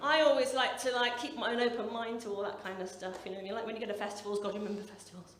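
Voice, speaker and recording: A woman's voice: fairly high pitch, fairly even intonation, very fast. A woman, performing a chatty, wry and sweary stand-up set. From English Midlands. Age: 40s. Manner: chatty, wry and sweary, with self-deprecating asides. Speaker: stand-up comedian. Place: comedy club stage. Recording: echoey club with a laughing crowd.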